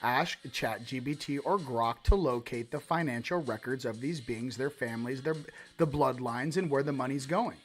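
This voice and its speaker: A man's voice: mid-range voice, normal speed. A man hosting a casual livestream card reading, rambling and fired up, with frequent restarts and asides. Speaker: host of a spiritual card-reading stream.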